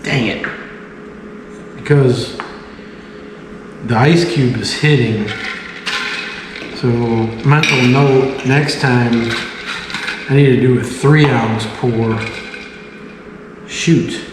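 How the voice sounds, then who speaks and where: A man's voice: medium pitch, very slow, long pauses. A man casually chatting and joking to himself while he makes a smoked cocktail at home. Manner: chatty, jokey, talks to himself while working. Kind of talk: casual talk while demonstrating. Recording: echoey room audio with long reverb and faint hiss.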